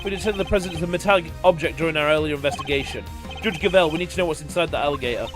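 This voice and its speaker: A man voicing a composed male prosecutor who speaks calmly and deliberately. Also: on the high side, over music, natural voice. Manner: calm, deliberate.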